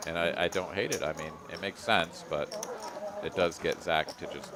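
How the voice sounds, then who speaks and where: A man's voice: low voice, normal speed, background noise. A man giving conversational live play-by-play on a poker game, talking through the betting logic. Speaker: poker commentator. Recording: loud card-room crowd behind. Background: crowd chatter of a card room.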